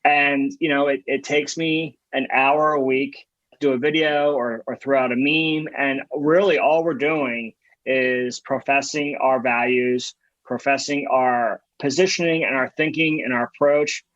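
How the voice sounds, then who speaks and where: A man's voice: mid-range voice, steady tone, unhurried, fairly bright tone, no room sound, highs cut off. A man talking as a podcast guest in a casual interview, emphatic and openly contrarian in his views. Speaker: podcast guest, design firm founder.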